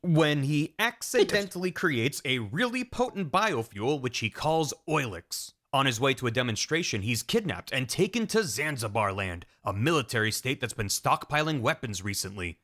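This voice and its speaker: Man, comedic game recap narration, bright tone, lively pitch, playful. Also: moderate pace, few pauses. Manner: playful, jumps between silly voices. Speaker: streamer.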